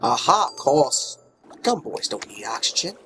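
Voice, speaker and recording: Playful, lively-voiced gamer man. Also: medium pitch, a little slow, a little hiss or hum. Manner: playful, coos baby talk at the game character, swings from mutters to exclamations. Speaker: let's play gamer. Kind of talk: casual gameplay commentary. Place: home room with his dogs nearby.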